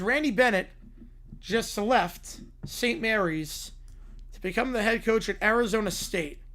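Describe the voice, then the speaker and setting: A hoarse man streaming, giving quick offhand replies to chat in a casual Q&A. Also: high-pitched, fairly bright tone. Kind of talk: casual livestream Q&A.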